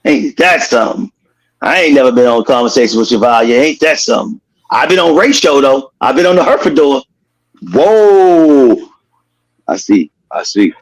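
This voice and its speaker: A man's voice: medium pitch, sing-song, moderate pace, rough recording. A man, owner of a cigar brand, chatting casually and playfully in an interview and laughing often.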